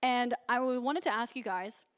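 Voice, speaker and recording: A woman moderating a live panel on a convention stage, upbeat and quick to laugh. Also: fairly high pitch, a bit bright, clean tone. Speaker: panel host.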